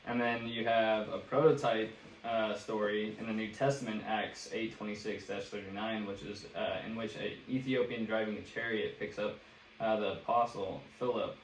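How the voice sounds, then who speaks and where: A man with a fairly low voice talks in a loose, halting way, full of ums and uhs. He sounds distant from the microphone in an echoey room with a faint hiss. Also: little pitch movement. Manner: loose and hesitant, many fillers, swears freely. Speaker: podcast co-host. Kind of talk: casual podcast chat. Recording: roomy echo, away from the mic, faint hiss.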